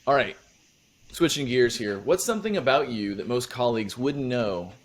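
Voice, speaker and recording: A man's voice: medium pitch, lively intonation, moderate pace. A man hosting a podcast, asking questions in a playful, upbeat, casual way. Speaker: podcast host. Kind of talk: casual interview chat.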